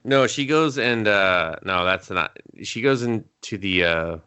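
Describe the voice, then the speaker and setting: A man co-hosting a casual movie review podcast, swearing often and acting out scenes in quick put-on voices. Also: on the low side, expressive, sharp tone, clear, resonant tone. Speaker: podcast co-host. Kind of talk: casual film review chat.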